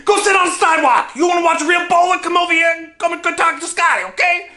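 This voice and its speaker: A man voicing a bratty, bossy boy on a bowling team who shouts commands and insults. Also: extremely high pitch, fast, reverberant, pitched above the performer's own voice. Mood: insulting. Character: bratty bossy boy bowler, furious and demanding.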